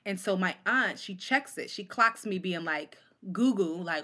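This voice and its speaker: A woman poet in her forties, a guest on a talk show, telling stories in an animated, casual way and acting out the voices of people she quotes. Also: mid-range voice, a little slow. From Oakland, California. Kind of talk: casual interview storytelling.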